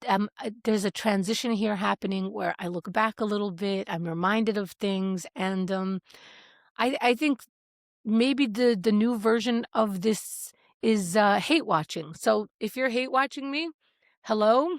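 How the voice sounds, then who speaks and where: A woman's voice: medium pitch, unhurried, no room sound, studio quality. A woman in her fifties telling personal stories to camera in a candid, wry, hesitant way, full of fillers. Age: 50s. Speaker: vlogger. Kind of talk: reflective personal storytelling.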